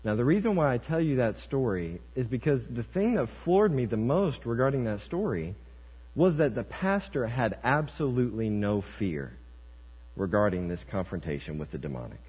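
A man's voice: mid-range voice, sing-song, normal speed, slightly rough. A young man preaching a sermon, telling a story and acting out the voices in it. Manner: storytelling, acts out quoted voices. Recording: muffled church hall with mains hum.

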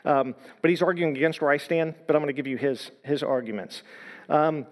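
A man preaching from the front of a church hall, his voice sitting a little high for a man. He talks earnestly in measured phrases and slows right down to stress the lines he quotes. A long reverb trails each word through the room. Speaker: pastor. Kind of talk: sermon.

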